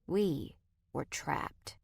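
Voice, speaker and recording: A woman's voice: deep voice, lively intonation, drawn-out words, creaky, a little mellow, husky, no echo, clean studio sound. A woman reading a first-person audiobook with tense, dramatic storytelling. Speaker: audiobook narrator.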